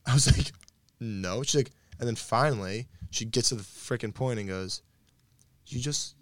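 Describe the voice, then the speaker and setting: A man's voice: fairly low pitch, normal speed, no echo. A young man in casual conversation, animatedly telling a story and acting out the quoted dialogue, laughing often.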